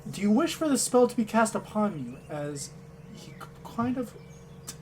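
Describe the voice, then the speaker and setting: A man's voice: high voice, very animated, moderate pace, crowd noise. A man narrating a tabletop role-playing game as game master, in a casual way that often repeats words. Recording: faint background noise.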